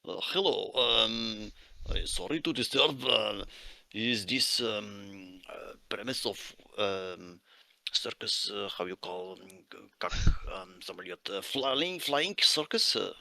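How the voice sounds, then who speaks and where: A stocky, filthy coal miner, as a man puts him on, speaks halting, polite broken English. His voice sits low and sounds bright, close and dry. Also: lively intonation, creaky, dry recording, full character voice. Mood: hesitant. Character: stocky grimy middle-aged male coal miner.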